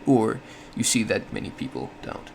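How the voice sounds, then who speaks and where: A man's voice: on the low side, big pitch swings, normal speed, creaky, a little hiss or hum. A man giving a casual explanatory monologue, thinking aloud with frequent self-corrections and small laughs. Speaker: solo podcast host.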